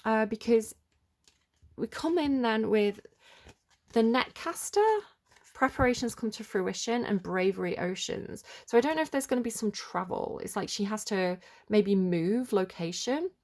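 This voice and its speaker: A woman's voice: fairly high pitch, lively intonation, measured pace, a little mellow. A woman giving an unscripted tarot reading, rambling and tentative as she thinks aloud and fills her talk with "like" and "kinda". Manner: rambling and chatty, full of "like" and "kinda". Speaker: tarot reader.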